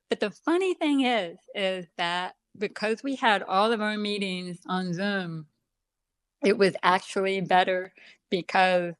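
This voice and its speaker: A woman's voice: mid-range voice, a bit bright, clear, resonant tone, no room sound. A woman speaks with a deaf accent, some sounds shaped a little differently. She is a chatty interview guest who pokes fun at herself and leans on ums. Her voice sits mid-range and is recorded dry and close. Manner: chatty, self-deprecating, many ums. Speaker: guest author. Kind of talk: casual interview chat.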